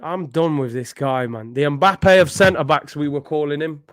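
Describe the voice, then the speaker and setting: A man's voice: on the high side, moderate pace, no room sound, clean studio sound. A young man ranting in exasperation as a football channel host, repeating himself in disbelief. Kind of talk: ranting vlog commentary.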